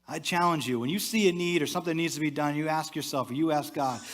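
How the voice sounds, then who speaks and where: A male pastor preaching a sermon in church, talking to the congregation in a conversational way and dropping to a soft, low voice for asides. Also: fast, soft background music.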